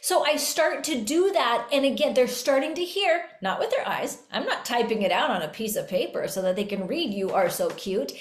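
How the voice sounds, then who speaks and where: Lively woman host in a roomy echo. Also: a little high, a little fast, hardly any pauses. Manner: lively, breaks into sung examples. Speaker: podcast host and music educator. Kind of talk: casual teaching talk.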